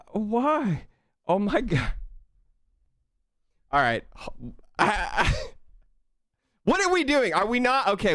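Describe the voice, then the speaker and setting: A young man hosting a live stream, thanking viewers in an excitable way, laughing and stumbling over his words, out of breath. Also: fairly high pitch, no room sound, clean studio sound. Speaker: livestream host.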